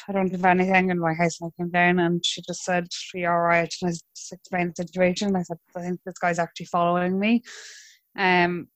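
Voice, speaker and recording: A young Irish woman in her twenties, telling her own story in a relaxed, chatty way with hesitant restarts. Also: fairly low pitch, no echo. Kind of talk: conversational storytelling.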